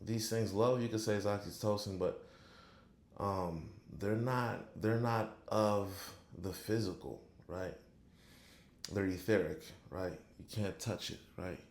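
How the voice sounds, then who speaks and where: A man giving a casual motivational talk on faith, punctuating nearly every phrase with "right?", reflective and then fervent. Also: lowish voice. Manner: unhurried and reflective, growing fervent when preaching. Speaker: motivational speaker. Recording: echoey room.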